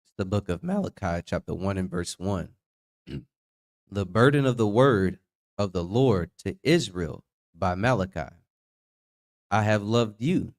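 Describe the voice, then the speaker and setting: A man reading Bible verses aloud slowly and deliberately, adding short agreements between passages. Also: on the low side. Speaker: scripture reader.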